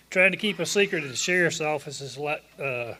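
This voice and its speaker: Folksy southern sheriff's guy handing out an award, highish bright voice, jokey. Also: slight background noise. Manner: folksy, joking, plain-spoken. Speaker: sheriff's office officer presenting an award. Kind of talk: award presentation speech. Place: luncheon event room.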